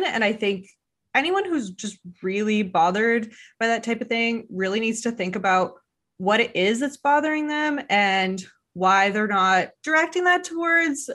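A woman hosting a podcast, chatting casually, laughing often and tossing in quick self-mocking asides. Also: medium pitch, a bit bright. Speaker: podcast host. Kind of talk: casual interview chat.

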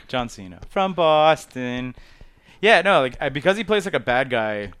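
A man in easy conversation, his voice sitting at an ordinary middle pitch. He gets animated and laughs a lot, jumping into bits of movie dialogue as he retells scenes. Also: fairly quick, no room sound. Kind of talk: casual chat.

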